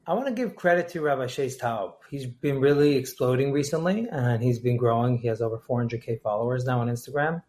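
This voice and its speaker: A man talking as a guest on a podcast, relaxed and eager as he lists places he wants to go. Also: medium pitch, brisk, few pauses. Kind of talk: casual podcast interview.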